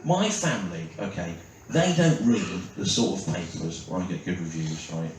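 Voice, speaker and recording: A man's voice: sits low, expressive, moderate pace. A man doing a stand-up routine, self-mocking and sardonic, with frequent "right?" asides. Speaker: stand-up comedian. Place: large theatre stage. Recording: echoey theatre from far off, loud noise. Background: audience laughter.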